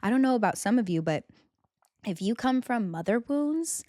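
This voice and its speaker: A woman's voice: fairly high pitch, animated, normal speed, a little mellow, dry recording, studio quality. Heartfelt woman hosting a spiritual podcast. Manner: heartfelt, gets emotional and laughs through tears. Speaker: podcast host. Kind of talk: spiritual self-help monologue.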